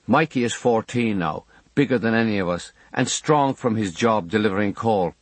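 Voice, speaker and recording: A man's voice: lowish voice, normal speed, no room sound. A man reading a memoir audiobook in a wry storytelling manner. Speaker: audiobook narrator.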